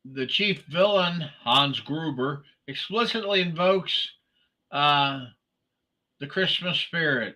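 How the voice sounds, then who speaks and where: A man hosts a casual morning livestream and rambles through his chat, greeting commenters by name. He talks slowly, with lots of pauses and fillers. His voice sits a little high and has a bright, forceful edge. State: sleepy, yawning. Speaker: livestream host.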